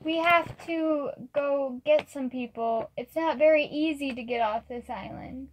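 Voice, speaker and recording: Lady game master with a high voice, casual, lots of ums while she narrates the scene. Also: low-quality recording. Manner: casual, halting narration with many fillers.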